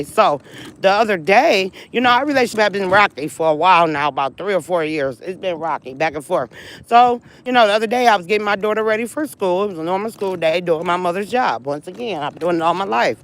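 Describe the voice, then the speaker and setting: A woman's voice: medium pitch, expressive, fairly quick, rough recording. A woman telling a long personal story to her viewers in a casual venting style, upset and worn down, often repeating herself and speaking to them directly. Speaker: vlogger talking to viewers.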